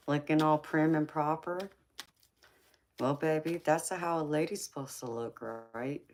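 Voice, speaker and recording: A woman's voice: deep voice, slow pace, long pauses, slight background noise. A woman hosting a casual live chat, teasing viewers playfully, laughing often and calling them baby and sweetheart.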